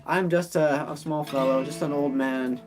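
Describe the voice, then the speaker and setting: A man's voice: on the high side, steady tone, moderate pace, over music, lightly acted. A man voicing a tiny, ancient male forest wizard who is cheerful and cryptic, with chirpy, sing-song questions.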